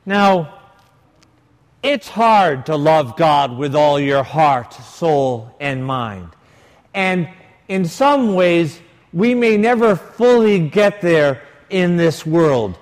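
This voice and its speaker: High-voiced priest preaching in a reverberant hall. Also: male voice, animated, extremely slow. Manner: storytelling with quoted dialogue, varied emphasis. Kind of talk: sermon. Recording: long reverb of a large hall.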